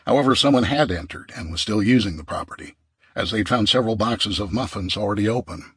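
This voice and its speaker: A man reading a survival audiobook in a steady, measured narration. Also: lowish voice, husky, no room sound.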